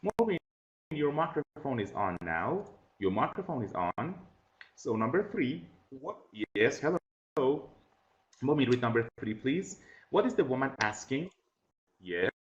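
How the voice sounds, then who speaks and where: A man's voice: mid-range voice, sing-song. Patient male teacher on lo-fi video call. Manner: patient, repeats questions and instructions slowly. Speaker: English teacher. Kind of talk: online class instruction. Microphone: computer mic on a video call. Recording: dull lo-fi video call audio.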